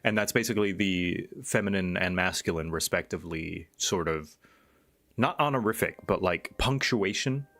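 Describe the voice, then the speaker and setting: A man's voice: deep voice, normal speed, fairly bright tone. A man streaming and chatting casually, explaining things in a rambling way with fillers. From Thailand. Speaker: streamer host. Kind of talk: casual chat.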